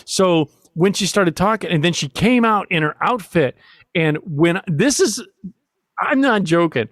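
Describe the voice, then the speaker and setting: High-pitched man, rambling storyteller, laughs at himself, dry close sound. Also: lively intonation, unhurried, a bit bright, dry recording. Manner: rambling, laughs often, self-deprecating. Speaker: podcast host. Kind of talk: casual comedic storytelling.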